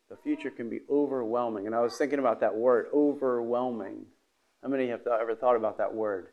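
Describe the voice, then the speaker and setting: A man preaching a sermon in a gravelly voice with some vocal fry. He talks haltingly, with restarts, fillers and throat-clearing, and his pitch sits in an ordinary middle range. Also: darkish tone.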